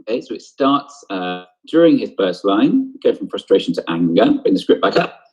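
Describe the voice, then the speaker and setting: A man's voice: lowish voice, sing-song, moderate pace, darkish tone, breathy edge. A man teaching an online drama lesson over a video call, explaining step by step and often checking in with "okay?". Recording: dull lo-fi video call audio.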